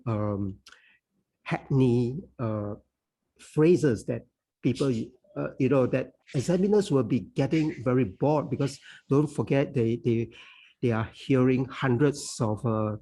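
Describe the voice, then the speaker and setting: A man teaching an online oral-exam class. His voice is slow and mellow, with a husky grain. He explains patiently over a video call. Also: mid-range voice. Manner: explanatory, peppered with "you know". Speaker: English oral exam tutor. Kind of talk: online lecture to students.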